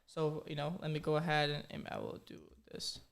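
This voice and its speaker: A man's voice: a little high, level tone, a little fast, vocal fry. A man with a slight accent coaching viewers in a live training, upbeat and repetitive, often checking in with "okay?" and "right?". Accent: slight foreign accent. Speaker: coding career coach hosting a live training. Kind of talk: live-streamed motivational coaching talk.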